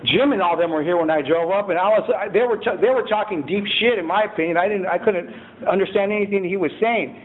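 A man's voice: sits high, fast. Profane man telling a recovery story, tinny. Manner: blunt, profane storytelling with many restarts. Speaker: recovery meeting speaker. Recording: tinny phone-like recording, faint room noise.

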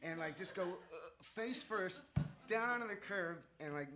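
A man with a fairly high voice and a bright, forceful tone tells his own story to a group. He rambles, trips over his fillers and makes fun of himself as he goes. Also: expressive, normal speed. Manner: rambling and self-mocking, with many fillers and chuckles. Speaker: speaker sharing his story at a recovery meeting.

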